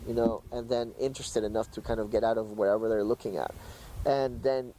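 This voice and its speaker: A man in a casual podcast chat, explaining dog training in an animated way, acting out little voices and using many fillers. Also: medium pitch, brisk, slight background noise, rough recording.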